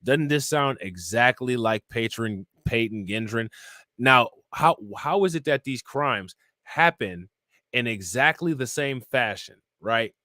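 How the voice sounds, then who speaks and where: Animated and a little slow, this man's mid-range voice comes across pushed and bright, captured cleanly in a studio with no room sound. He runs a live-stream crime show as casual commentary, reading out charges, reports and chat, then reacting and putting questions to viewers. His delivery is loose and conversational, peppered with "you know what I'm saying?"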